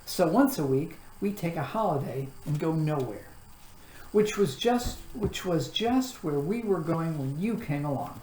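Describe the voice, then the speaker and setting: A woman's voice: deep voice, lively intonation, measured pace, a little mellow. A woman voicing idle, sleepy little creatures in a storybook reading, with a lazy drawl. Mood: peevish. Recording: echoey room, faint background hum.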